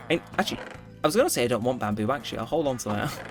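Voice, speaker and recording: A man's voice: medium pitch, expressive, fast talker. A man giving rambling, self-correcting commentary while playing a game. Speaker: gaming YouTuber. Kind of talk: casual gameplay commentary. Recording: faint background music.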